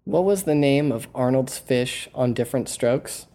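A man's voice: medium pitch, expressive, normal speed, mellow. A man hosting a casual podcast. He rambles and rants, swears freely, and keeps the talk loose. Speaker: podcast host. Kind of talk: casual chat.

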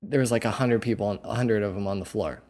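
A man's voice: fairly low pitch, fast talker, darkish tone. A young man hosting a podcast, telling a casual, rambling story full of "like" and "you know.". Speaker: podcast host.

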